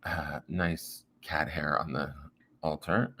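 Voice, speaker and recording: A man's voice: a bass voice, steady tone, slow, bright, forceful tone. A man reading tarot cards on a live stream at home, talking to his viewers in a meandering, chatty way. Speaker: tarot reader. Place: home room with an altar.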